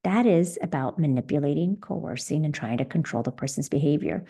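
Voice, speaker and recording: A woman's voice: low voice, lively intonation, a little fast, creaky, mellow, breathy edge. A middle-aged woman hosting a solo podcast as a leadership coach, talking earnestly and encouragingly with everyday examples.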